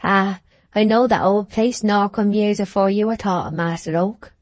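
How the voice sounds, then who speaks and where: A woman reading the part of an aged, testy village maltster in an audiobook, with slow, drawn-out rustic speech. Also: medium pitch, fairly even intonation, dry recording, natural voice. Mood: ponderous.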